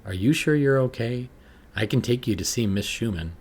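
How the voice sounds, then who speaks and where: A man voicing a gentle, worried schoolteacher checking on a student, in a horror story reading. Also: medium pitch, expressive, moderate pace, husky, pitched above the performer's own voice. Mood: concerned. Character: concerned male schoolteacher.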